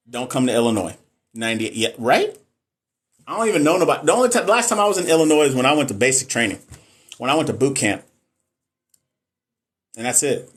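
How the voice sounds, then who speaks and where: A man from Texas, chatting casually and jokingly on a live stream as a nurse educator, reading and answering viewer comments. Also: mid-range voice.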